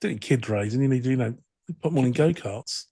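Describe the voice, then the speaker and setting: A man's voice: mid-range voice, expressive, brisk, mellow, breathy edge. A man co-hosting a comedy podcast, trading dry, teasing banter. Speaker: podcast co-host.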